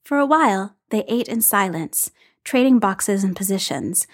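A woman's voice: medium pitch, lively intonation, measured pace. Woman reading a story aloud. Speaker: story reader. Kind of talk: reading fan fiction aloud.

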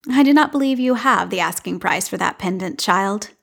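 A woman's voice: medium pitch, expressive, normal speed, gravelly, a bit bright. A woman voicing a cheerful, teasing male stall seller in a market.

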